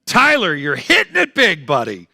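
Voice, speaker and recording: A man's voice: a little high, wildly swooping pitch, moderate pace, creaky, bright, forceful tone, no room sound, studio quality. An older man doing a stand-up comedy set, punchy, chatty and full of jokes.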